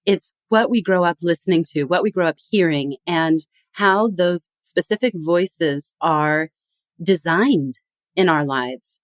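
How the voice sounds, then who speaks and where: A woman guest on a podcast, explaining with animated emphasis in a conversational tone. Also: on the low side, a little slow, no echo. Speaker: guest expert.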